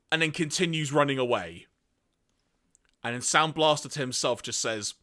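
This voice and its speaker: A man co-hosting a podcast, retelling a cartoon episode in an animated way and acting out the quotes. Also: on the high side, normal speed. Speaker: podcast co-host. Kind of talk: recounting an episode, casual chat.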